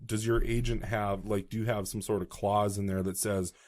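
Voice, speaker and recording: Low-voiced podcast host, hesitant questions. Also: male voice, flat delivery, moderate pace, a little mellow, no room sound, studio quality. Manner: interjecting, asking questions, thinking aloud with hesitations. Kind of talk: casual chat.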